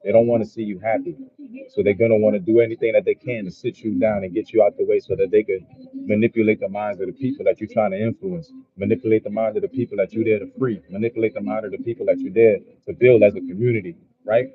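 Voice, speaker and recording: A man's voice: on the low side, fairly even intonation, quick pace, narrow, tinny audio. A man giving a profane, repetitive motivational monologue in a casual vlog. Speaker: motivational vlogger.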